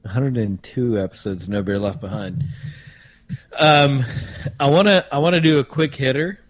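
A man hosting a casual podcast, talking in a relaxed way with a few pauses. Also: mid-range voice. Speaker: podcast host.

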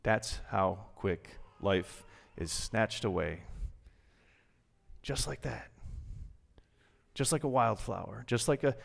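A male pastor giving a sermon in a church, speaking earnestly and conversationally with dramatic pauses. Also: on the low side, lively intonation, creaky. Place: church sanctuary. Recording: long reverb from a large hall.

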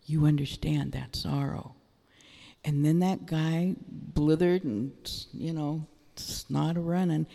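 Middle-aged woman preaching, lively storytelling testimony, big echoey hall, lots of reverb. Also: deep voice, vocal fry. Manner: animated, exclaiming. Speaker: church speaker. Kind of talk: sermon testimony. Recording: long reverb of a large hall.

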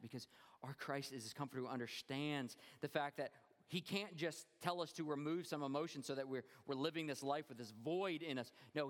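A pastor delivers a sermon in a fairly high voice that rings out in a long church reverb. He is expressive, often dropping low and quiet to stress a point.

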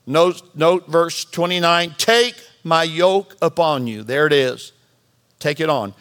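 Pastor, male, high bright voice, lively joking sermon delivery. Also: slow pace. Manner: animated, bantering preacher. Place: church sanctuary.

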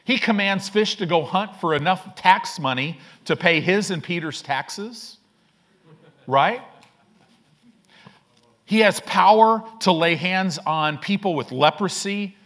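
A man's voice: high voice, takes it slowly, fairly bright tone. Emphatic male pastor preaching. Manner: emphatic, asks the congregation for agreement. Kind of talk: sermon.

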